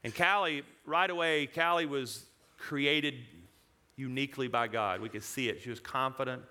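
A man with a smooth, mid-range voice talks at normal speed to a congregation, sharing a personal story with animation, chuckling and cutting off his own sentences.

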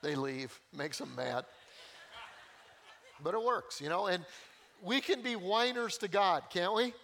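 An older male pastor preaches with folksy humor and passion. His voice sits fairly high for a man. He swings between warm joking and earnest pleading. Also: expressive, a little slow, vocal fry, pauses often. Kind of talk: sermon.

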